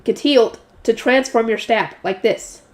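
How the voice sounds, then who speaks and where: A woman reading aloud as a loud, passionate male combat professor, lecturing forcefully with occasional stumbles. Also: a little high, unhurried, lightly acted. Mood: passionate lecture.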